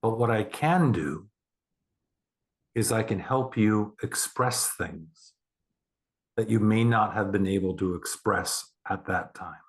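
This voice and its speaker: A man leading a guided meditation, speaking slowly and deliberately with long pauses and a calm, reassuring manner. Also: lowish voice.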